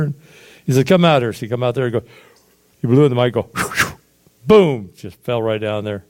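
A man casually retelling his church experiences in a rambling, animated way, acting out quotes and sound effects. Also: medium pitch, fairly quick, gravelly. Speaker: storyteller giving testimony. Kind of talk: casual spoken testimony.

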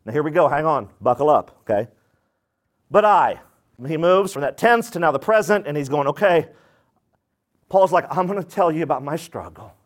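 High-voiced animated male preacher. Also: normal speed, long pauses. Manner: animated, rhetorical questions to the congregation. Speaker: pastor. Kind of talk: sermon.

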